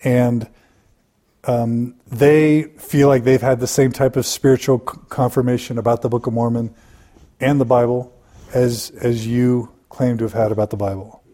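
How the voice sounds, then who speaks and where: A man interviewing a guest, asking probing questions in a relaxed, casual way. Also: medium pitch, moderate pace.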